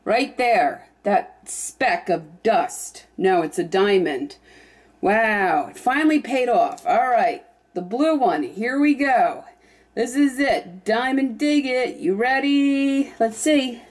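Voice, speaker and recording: A young woman on YouTube chats casually through an unboxing, thinking out loud and occasionally letting out excited squeals. Her voice is a little high and her pace slow.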